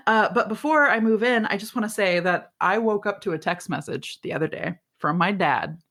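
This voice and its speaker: A woman co-hosting a podcast in casual chat, rambling and giggly, with a fairly deep voice and free swearing. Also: normal speed, a bit bright. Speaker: podcast co-host.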